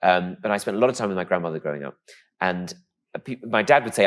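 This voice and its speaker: A man from England with a posh-sounding voice, telling stories in a camp, animated way as a guest in an interview. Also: low-pitched, fast. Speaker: comedian guest. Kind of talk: casual interview chat.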